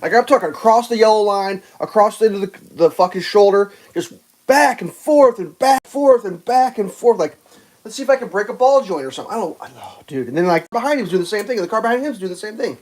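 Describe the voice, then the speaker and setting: This fast-talking live streamer has a mid-range voice and tells traffic stories as a rambling, profanity-laced rant heavy on "like." It's animated throughout, with loud bursts where other drivers are acted out.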